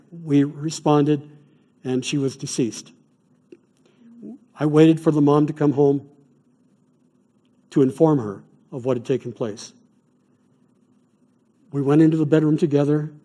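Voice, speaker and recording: Earnest chaplain with a mellow voice. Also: male voice, fairly high pitch, fairly even intonation. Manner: earnest, measured, tells stories. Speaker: chaplain teaching a class. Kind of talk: evening lecture on grief care. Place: classroom or church hall.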